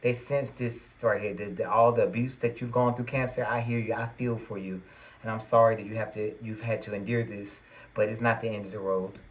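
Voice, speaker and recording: A man's voice: lowish voice, steady tone, brisk, rough recording. A man giving a tarot reading to his viewers, earnest and reassuring, at times getting worked up and emphatic. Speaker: tarot reader.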